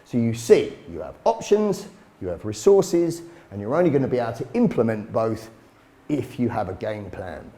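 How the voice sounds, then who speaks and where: A man's voice: mid-range voice, big pitch swings, normal speed, dark tone. A middle-aged man teaching self-defence, blunt and direct, swearing casually as he explains. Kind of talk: instructional talk.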